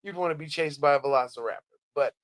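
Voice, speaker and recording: A man co-hosting a casual podcast, talking loudly with lots of laughter and swearing. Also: a little high, quick pace, no room sound. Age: adult parent. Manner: loud, laughing, swearing, animated. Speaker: podcast co-host. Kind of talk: casual chat.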